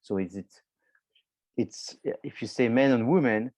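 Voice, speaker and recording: A man's voice: mid-range voice, measured pace, darkish tone, no room sound, rough recording. A man lecturing a university marketing class, explaining loosely with many restarts and filler words, addressing students directly.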